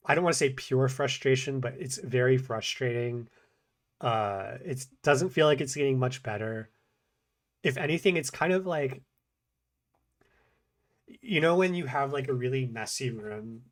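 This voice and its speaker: A man talking through his own language practice in a casual, self-critical video diary. He mumbles, swings between fast talk and slow, paused phrases, and haltingly repeats short practice phrases. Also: medium pitch. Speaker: language learner vlogger.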